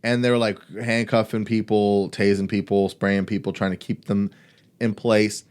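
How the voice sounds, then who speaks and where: A man's voice: on the low side, level tone, moderate pace, darkish tone, clean tone. A man co-hosting a podcast, talking casually and building his points with rhetorical questions. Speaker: podcast co-host.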